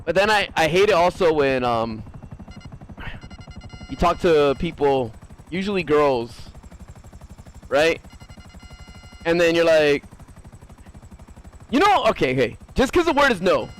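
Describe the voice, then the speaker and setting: High, lively-voiced male streamer. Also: takes it slowly, long pauses, poor audio. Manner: animated, ranting, swears freely. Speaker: live streamer. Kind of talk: casual live-stream chat while gaming.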